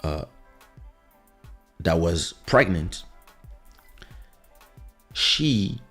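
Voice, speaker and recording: A man's voice: low voice, expressive, extremely slow, sharp tone, husky, faint music behind. A man hosting a podcast, telling a rambling personal anecdote in a loose, casual way. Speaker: podcast host. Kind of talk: casual storytelling. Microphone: studio podcast microphone.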